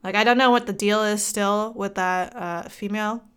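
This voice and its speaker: A woman's voice: medium pitch, steady tone, moderate pace, a bit bright, clear, resonant tone. A woman co-hosting a casual anime podcast, chatty with many fillers and frequent laughs. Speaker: podcast co-host. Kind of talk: casual chat about anime.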